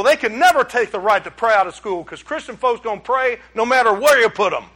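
A middle-aged pastor, preaching a sermon in a folksy, emphatic way that climbs into exclamations. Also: male voice, very high-pitched, lively intonation, fast talker, hardly any pauses, pushed and bright.

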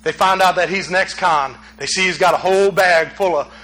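A man preaching a sermon in a very high, forceful, bright voice. He tells stories with lively animation and sometimes acts out the quotes. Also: a little fast, poor audio. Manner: animated storytelling with acted quotes, rising to near shouts.

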